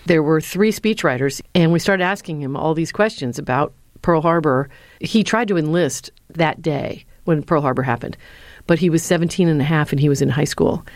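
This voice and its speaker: A middle-aged woman, a former speechwriter and lecturer, answering interview questions with earnest, lively storytelling. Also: low-pitched, no echo. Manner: earnest, lively storyteller who acts out quotes.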